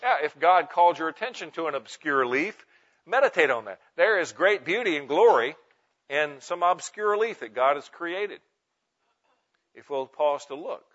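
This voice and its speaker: A man preaching with emphatic, deliberate stress, leaning hard on single words. His voice sits a little high for a man. The recording is slightly muffled and lo-fi. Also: expressive, fairly bright tone. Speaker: preacher teaching pastors. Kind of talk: sermon teaching on Bible meditation. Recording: muffled lo-fi sound.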